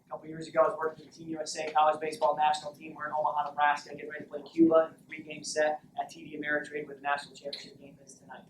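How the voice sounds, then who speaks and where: A man coaching a team in a locker room, telling a story with high energy and shouting call-and-response lines. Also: completely flat delivery, racing, few pauses. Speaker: mental conditioning coach. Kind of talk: motivational speech to a team. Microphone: far camera. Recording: echoey locker room from far off, faint noise.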